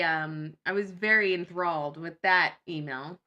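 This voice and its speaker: Woman vlogging, blunt and kinda sarcastic, lowish voice but bright. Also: moderate pace, few pauses. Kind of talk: casual chat.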